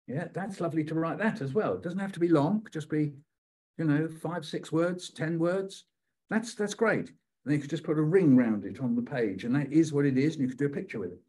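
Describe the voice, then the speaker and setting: A man's voice: a little high, fairly quick, a little mellow, husky. An older British man leading a poetry workshop, telling childhood stories playfully and repeating phrases in rhythm. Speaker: poet leading a writing workshop. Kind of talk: storytelling poetry lesson.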